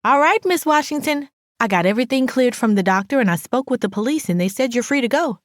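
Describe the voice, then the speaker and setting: A narrator putting on a chirpy, brisk nurse. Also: female voice, on the high side, animated, dry recording, studio quality, voice pushed up, close to an everyday voice. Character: loud talkative female nurse.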